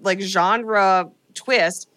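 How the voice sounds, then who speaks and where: A woman's voice: mid-range voice, drawn-out words, a bit bright, clean tone. A woman hosting a podcast, casually retelling a film's plot in a chatty way with lots of fillers. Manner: chatty storyteller with many fillers. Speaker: podcast host.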